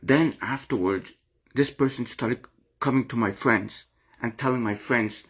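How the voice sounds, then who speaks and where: In a confessional talk to camera, a middle-aged man rambles earnestly and emotionally about his own experience, repeating and restarting phrases as he goes. His mid-range voice is a bit bright and slightly rough, and he speaks a little slowly.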